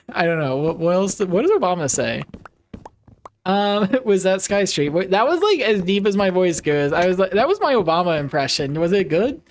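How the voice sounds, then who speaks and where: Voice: medium pitch, sing-song, normal speed, a little hiss or hum. A young adult live streamer chatting casually while playing, giggly and playful, rambling with lots of restarts.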